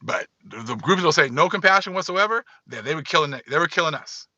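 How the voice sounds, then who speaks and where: A man talking straight to his online viewers in a loose, emphatic commentary, circling back over his points again and again. His voice is sharp and tense, pitched a little high. The sound is dry and a bit dull, as from a lo-fi setup. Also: lively intonation, fairly quick, no echo. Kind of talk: casual livestream commentary.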